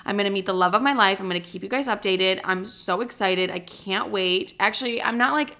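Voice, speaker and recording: A young woman with a bright, sharp voice chats alone on her podcast, rambling from one thought to the next. She swears freely and trips over her own words. She sounds wired on caffeine. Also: medium pitch, fairly quick. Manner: rambling, chatty, swears often. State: highly caffeinated. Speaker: podcast host. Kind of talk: casual solo podcast chat.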